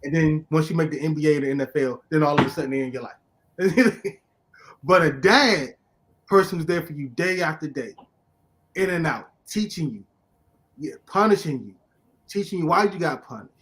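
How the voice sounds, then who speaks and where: Excitable man with a fairly high voice. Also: normal speed, long pauses. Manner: excitable, laughing, emphatic outbursts. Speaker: podcast host. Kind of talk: casual comic book chat.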